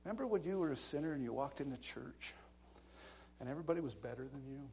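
A man's voice: medium pitch, expressive, quick pace, a little mellow, a little hiss or hum. A man preaching a sermon, telling stories with dramatic asides and bursts of laughter. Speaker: pastor. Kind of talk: storytelling sermon.

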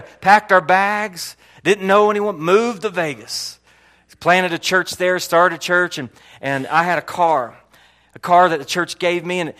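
A man whose voice sits a little high delivers a sermon as a pastor from Florida. He recounts a personal story animatedly, often repeating himself and moving back and forth between loudness and near-whispers.

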